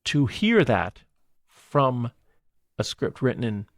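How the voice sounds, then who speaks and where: A man co-hosting a movie podcast, retelling film scenes in a casual, animated way and laughing often. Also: medium pitch, slow pace, no echo, studio quality. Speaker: podcast co-host. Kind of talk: casual movie review chat.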